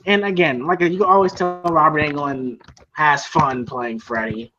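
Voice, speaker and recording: A man's voice: a little high, fairly even intonation, moderate pace. A man hosting a casual movie review chat, rambling through scenes with lots of fillers and laughs, on a dull lo-fi recording with faint hiss. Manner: rambling with many fillers and restarts, laughs often. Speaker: podcast host.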